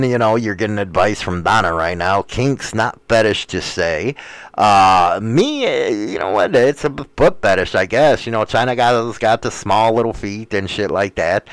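A man hosts a loose, profane chat, stumbling through "uh"s as he riffs on viewer questions. His voice leaps up and down in pitch as he works himself into rants. The sound is dry, with almost no room echo. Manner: crude, profane, full of "uh" fillers; rowdy, swings into loud rants. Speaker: host answering viewer questions. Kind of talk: casual rambling chat.

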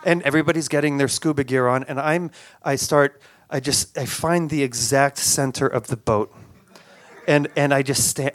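A man telling a personal story aloud, halting and repeating words, with animated sound effects. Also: mid-range voice, no echo.

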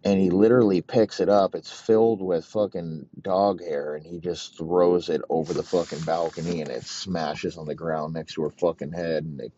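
A man telling a crude, rambling comedic story in a profane, deadpan way. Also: low-pitched, moderate pace, few pauses. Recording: dull lo-fi recording.

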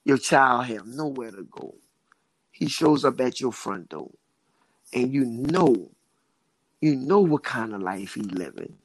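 A man's voice: medium pitch, animated, takes it slowly, long pauses, dry recording, rough recording. A man as an interview guest, a recovery advocate telling his story earnestly, with emphatic repetition.

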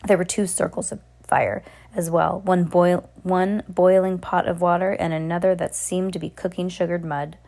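Lower-voiced woman reading an audiobook. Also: moderate pace, vocal fry, hardly any pauses. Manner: steady reading with small restarts. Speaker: audiobook narrator.

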